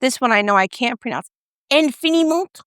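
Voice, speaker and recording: A woman's voice: mid-range voice, normal speed, vocal fry, a bit bright, no room sound, studio quality. A woman from the United States, a beauty vlogger, chatting casually through a product review and joking about her own pronunciation.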